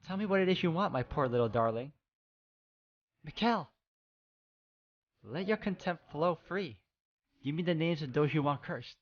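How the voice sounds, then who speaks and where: A cold, scornful witch spirit, played by a man reading a video game aloud, speaking softly and insinuatingly. The recording sounds slightly dull. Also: fairly high pitch, lively intonation, normal speed, pauses often, lightly acted. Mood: coaxing. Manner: quiet, taunting, insinuating.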